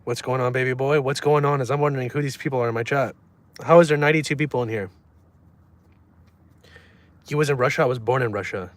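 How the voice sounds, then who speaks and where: Young male streamer with a mid-pitched voice, deadpan and trolling, chatting casually with viewers from a car. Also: fast talker, pauses often. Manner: reads chat aloud and answers in a deadpan, trolling way. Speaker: livestreamer. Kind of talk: casual livestream chat.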